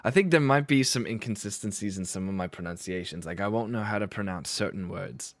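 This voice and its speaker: A man with a fairly low voice talks a little fast while hosting a livestream. He chats casually with his chat about accents, laughing and teasing himself, and the studio-quality audio has no room sound.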